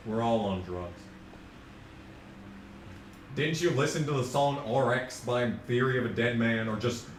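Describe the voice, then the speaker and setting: Mid-range and a bit bright, this young man's voice carries casual gaming commentary as he streams a racing game, ranting, joking and tossing off sarcastic, profane remarks. Echo, a distant mic and faint noise mark the recording.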